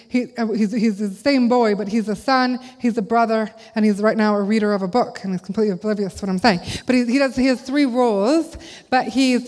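A middle-aged woman giving a conversational sermon to a church audience, full of rhetorical questions. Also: on the high side. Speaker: speaker at a church gathering. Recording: long hall reverb.

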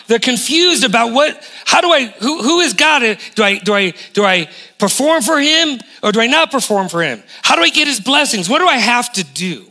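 A man in his forties preaching a lively sermon as a guest pastor, emphatic and full of rhetorical questions. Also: very high voice, moderate pace, few pauses. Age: 40s.

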